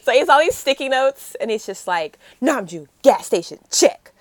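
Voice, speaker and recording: A woman retells a show's plot in an animated, chatty way, slipping into the characters' voices as she goes. Her pitch swings widely. The sound is dry and close. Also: normal speed, no echo. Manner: animated storyteller, acts out characters' lines, laughs often. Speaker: podcast co-host recapping a series. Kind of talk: casual chat.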